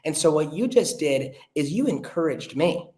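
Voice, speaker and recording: A young man, a podcast guest, telling a story in an earnest, animated way and acting out the voices of the people he quotes. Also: on the high side, moderate pace. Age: young adult. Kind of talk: casual storytelling chat. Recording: roomy echo.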